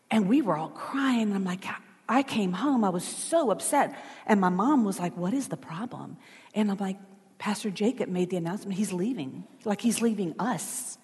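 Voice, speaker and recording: A woman's voice: mid-range voice, a little mellow. A woman telling a personal story in a sermon in a chatty, emotional way, with asides to the congregation. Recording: long church hall reverb.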